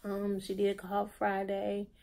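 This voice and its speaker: A woman's voice: mid-range voice, completely flat delivery, slow pace, vocal fry, a little mellow. A tired, drained young woman rambling through a personal video diary at home, full of fillers. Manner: rambling, filler-heavy storytelling. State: tired, low energy. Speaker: vlogger. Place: at home, indoors.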